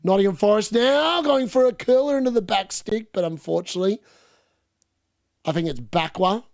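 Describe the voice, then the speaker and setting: A man with an Australian-tinged English accent talks through a live football watch-along, chatty and blunt with casual swearing. His voice sits a little high for a man. The sound is dry and close. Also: moderate pace, dry recording. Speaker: fantasy football streamer.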